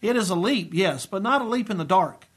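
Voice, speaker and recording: A middle-aged man delivers a sermon in a fairly high voice. He is earnest and emphatic, and he draws out the phrases he wants to land. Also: expressive, husky. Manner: earnest, emphatic preaching with slow stressed phrases. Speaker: preacher. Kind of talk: sermon-style teaching.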